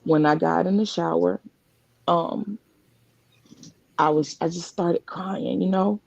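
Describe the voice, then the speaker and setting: A woman sharing a personal story over a live stream call, talking earnestly and haltingly, often restarting her sentences. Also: fairly low pitch, fairly even intonation, vocal fry, darkish tone, dry recording, highs cut off. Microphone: live video call.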